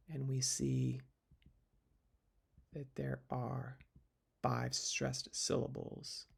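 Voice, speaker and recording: A man's voice: mid-range voice, flat delivery, slow pace, creaky. A man teaching literature in a recorded lecture video, explaining step by step with fillers and restarts.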